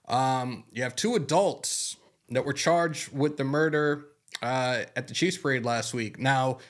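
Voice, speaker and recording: Casual, profane man hosting a fan show. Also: a little high. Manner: loose and profane, openly moved by a fan's gift. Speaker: sports podcast host. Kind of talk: casual live-stream chat and news rundown.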